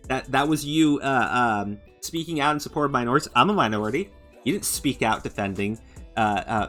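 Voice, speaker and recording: Hosting a commentary channel, a man with a medium-pitched, somewhat bright voice mocks and curses sarcastically through a rant. He stumbles with stammered fillers and halting restarts as faint background music plays.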